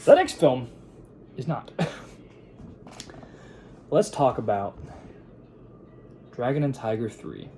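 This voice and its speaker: Young guy recapping a movie at his desk, rambly, lots of ums, mellow kinda dark voice, bit of hiss. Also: medium pitch, sing-song, takes it slowly, pauses often. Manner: rambling, with frequent fillers and restarts into quoted voices. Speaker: film reviewer. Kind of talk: casual plot recap and review. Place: at his editing table.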